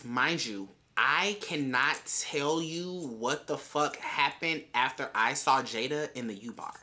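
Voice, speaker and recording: A woman's voice: rumbling low, slow pace, sharp tone. Brash, foul-mouthed woman telling a story. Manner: brash, profane, chatty storytelling. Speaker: vlogger. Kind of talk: storytime vlog.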